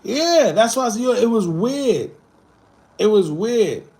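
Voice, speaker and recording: A man's voice: high voice, unhurried. Laid-back man chatting on a livestream. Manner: laid-back, animated, swings between loud and muttered asides. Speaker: livestream host. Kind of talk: casual livestream chat reading comments.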